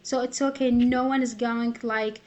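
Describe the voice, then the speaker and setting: A woman's voice: on the high side, level tone, moderate pace, darkish tone. A woman hosting an online workshop, talking directly to participants and encouraging them to speak. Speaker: workshop host.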